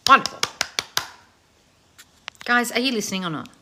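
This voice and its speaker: A woman in her thirties, a channel host reading viewer comments in a loud, blunt, casual way and swearing freely. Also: fairly high pitch, noisy background. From family of Croatian heritage. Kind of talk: casual live chat.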